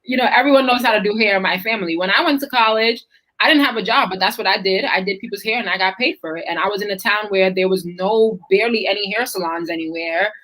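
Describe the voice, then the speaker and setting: A woman's voice: medium pitch, fast talker, fairly bright tone, low-quality recording. Young woman, talk show host, casual and chatty, filler-heavy. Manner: chatty, leans on "like" and "right?" tags. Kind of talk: casual chat.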